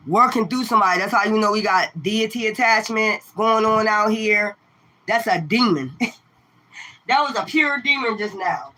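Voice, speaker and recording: On her livestream, a tarot reader rants at her viewers in a bright, forceful, mid-range voice. She is profane and confrontational, firing the same rhetorical questions over and over.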